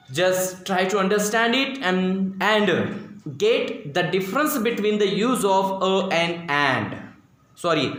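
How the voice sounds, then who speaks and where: A male school teacher with an Indian English accent giving a slow, repetitive grammar lesson in a classroom, drilling pronunciation aloud. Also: high voice, pushed and bright. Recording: echoey classroom, very roomy.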